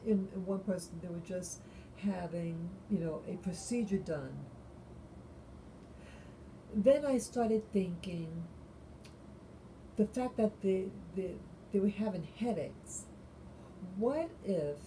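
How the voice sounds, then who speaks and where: A woman talks to her camera late at night, her voice very dark and mellow. She speaks slowly, musing aloud, pausing and restarting mid-sentence, with a faint hiss of noise under her. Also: lowish voice, poor audio. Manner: halting and musing, many restarts. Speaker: vlogger. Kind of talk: late-night solo monologue.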